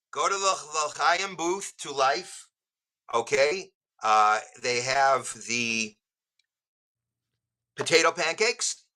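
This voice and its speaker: A man's voice: medium pitch, bright, forceful tone, rough recording. A man, a musician guest on a podcast, telling jokey stories in casual chat. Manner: joking storyteller.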